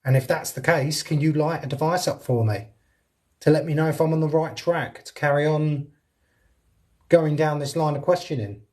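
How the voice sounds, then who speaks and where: A man's voice: a little high, normal speed, darkish tone. A man streaming a live ghost hunt inside a house, talking to viewers and calling out to spirits in a chatty way. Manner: chatty, addresses viewers and spirits directly, laughs often. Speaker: paranormal investigator streaming live. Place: indoors in a house.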